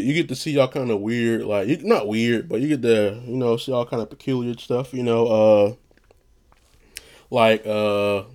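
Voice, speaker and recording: A man talking casually on his own vlog in a loose, rambling way, often saying "you know what I'm saying". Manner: low monotone voice that he says he projects; loose, restarting, swears casually. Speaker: vlogger; retail worker.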